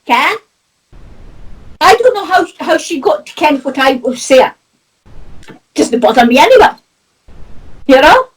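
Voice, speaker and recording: A woman's voice: high voice, very animated, measured pace, pauses often, poor audio. A Scottish woman, a spiritual medium, chatting casually and animatedly, laughing often. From Scotland. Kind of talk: casual chat.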